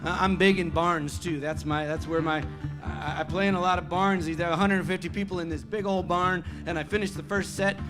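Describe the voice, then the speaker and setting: High-voiced man telling stories over guitar. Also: fairly even intonation, a little fast. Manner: chatty, self-deprecating storyteller. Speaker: folk singer-songwriter. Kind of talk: live concert stage banter. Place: live music venue. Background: acoustic guitar.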